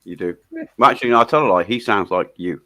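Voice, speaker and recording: A man's voice: fairly low pitch, fast, bright, forceful tone, no echo. A man in casual chat, blunt and sweary, laughing often.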